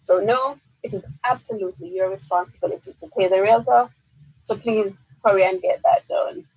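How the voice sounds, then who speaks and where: A woman's voice: mid-range voice, fairly quick, darkish tone, breathy edge, no echo, poor audio. A woman with a Jamaican accent, a lawyer answering listener questions on a radio call-in show, explaining firmly and repeating key points. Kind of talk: radio call-in legal advice. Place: radio studio.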